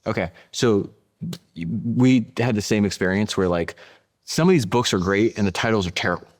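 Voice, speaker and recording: A man hosting a podcast interview, talking quickly and eagerly with many restarts. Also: on the low side, animated. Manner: fast, enthusiastic, restarts often. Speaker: podcast host. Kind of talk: conversational interview.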